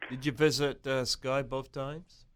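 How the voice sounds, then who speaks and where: A male host, soft-spoken and set back from the mic, gives short prompts and quiet acknowledgments to his guest. His voice sits in a middle pitch range. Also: level tone, unhurried, smooth. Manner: brief prompts and quiet backchannels. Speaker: podcast host, interviewer. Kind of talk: casual interview.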